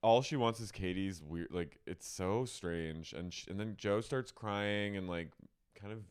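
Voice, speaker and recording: A man's voice: fairly low pitch, a little slow, clean tone. A man co-hosting a casual podcast, recounting gossip and mimicking people in exaggerated voices. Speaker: podcast co-host. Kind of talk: casual chat.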